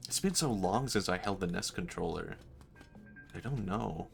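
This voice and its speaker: Man, livestreamer, casual chat, fairly low voice, self-mocking, laughs a lot. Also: expressive, normal speed, creaky, faint music behind. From Sweden. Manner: muses aloud, laughs often, self-mocking. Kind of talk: casual chat while gaming.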